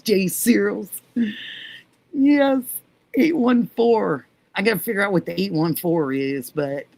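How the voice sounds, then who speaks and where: A woman's voice: lowish voice, no echo. A middle-aged woman hosting a casual livestream, chatting fondly with viewers and greeting them by name. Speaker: livestream host. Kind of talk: casual livestream chat reading comments.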